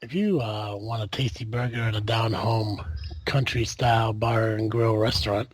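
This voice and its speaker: A man's voice: fairly low pitch, fairly even intonation, moderate pace, slightly rough. A man hosting a podcast in casual chat, loose, profane and jokey. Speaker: podcast host.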